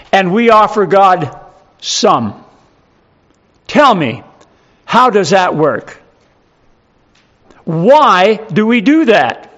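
Emphatic high-voiced male preacher. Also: a bit bright, dull audio. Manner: emphatic preaching with rhetorical questions. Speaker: pastor. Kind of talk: sermon.

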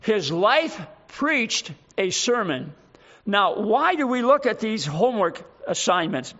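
High-voiced preacher, emphatic. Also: male voice, sing-song, takes it slowly, sharp tone. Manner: emphatic, repetitive rhetorical questions. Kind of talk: sermon. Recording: dull lo-fi recording.

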